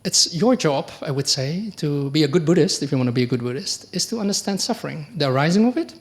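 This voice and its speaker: Chatty monk with a higher voice. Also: male voice, fast. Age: middle-aged or older. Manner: conversational, asks the audience rhetorical questions; acts out quoted exchanges with lively pitch jumps. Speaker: Buddhist monk teacher. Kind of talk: dharma talk.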